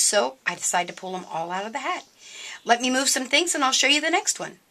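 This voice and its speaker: A woman's voice: mid-range voice, pushed and bright. A middle-aged woman hosting a casual craft demonstration for a store, chatty and enthusiastic as she shows her projects.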